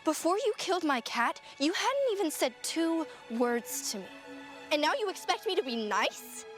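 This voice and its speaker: A woman's voice: very high voice, sing-song, normal speed, fairly bright tone, soft background music, heavily acted. An actress playing a grieving teenage girl in a film scene, speaking with curt bitterness. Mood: bitter. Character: grieving teen girl, cold and hurt. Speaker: film character. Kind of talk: film dialogue.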